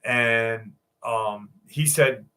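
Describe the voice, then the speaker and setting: A man's voice: medium pitch, drawn-out words, pushed and bright. Profane rambling American storyteller man. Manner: profane, rambling, many fillers and restarts. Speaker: guest telling a personal encounter story. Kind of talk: casual storytelling.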